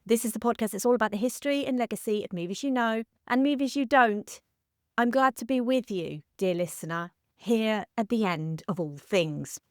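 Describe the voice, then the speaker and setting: A woman's voice: a little high, normal speed, dry recording, clean studio sound. A woman in her thirties hosting a film history podcast, speaking earnestly and gratefully, a little emotional. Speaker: podcast host. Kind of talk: heartfelt solo podcast monologue.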